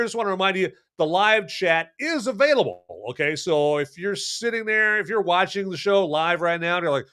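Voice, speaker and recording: A man hosting a casual live-streamed movie review podcast, speaking playfully and straight to his viewers with many fillers and restarts. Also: high voice. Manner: lots of fillers and restarts, swings between loud and hushed.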